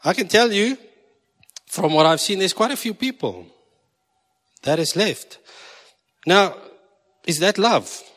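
A South African pastor preaches to his congregation with a slightly high voice, teasing them and mixing in Afrikaans asides. His voice carries a long echo around the church hall. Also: lively intonation, takes it slowly, pauses often, a bit bright. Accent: South African English. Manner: jokey, switching between English and Afrikaans. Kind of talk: sermon.

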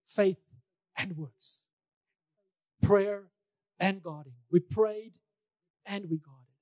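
A man's voice: high-pitched, drawn-out words, a little mellow, no echo. A male pastor preaching a sermon in a conversational way, repeating key phrases for emphasis, with touches of light humor.

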